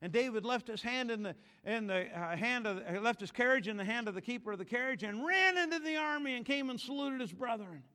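A man preaching a sermon in a church, swinging from quiet asides to shouted excitement and acting out Bible figures in voices. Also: very high voice, fairly quick, hardly any pauses, in a large hall. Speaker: pastor.

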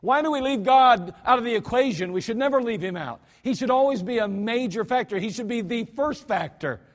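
High-voiced preacher in a reverberant church. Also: male voice, lively intonation, fairly quick. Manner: folksy, emphatic preaching with repetition. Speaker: pastor. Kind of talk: sermon. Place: church sanctuary. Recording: archived church service with long hall reverb.

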